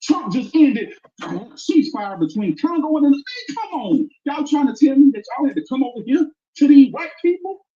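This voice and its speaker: A man ranting loudly and arguing on a livestream, talking over the others in heated debate. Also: very high voice, sing-song, moderate pace, crowd noise. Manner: loud, ranting, argumentative. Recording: dull lo-fi stream audio.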